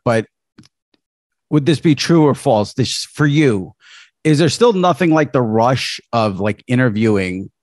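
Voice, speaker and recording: A man's voice: on the low side, no room sound. A man interviewing a guest, rambling through his questions with a lot of "like" and "I feel like". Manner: rambling, heavy use of "like" and "I feel like". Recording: dry close sound.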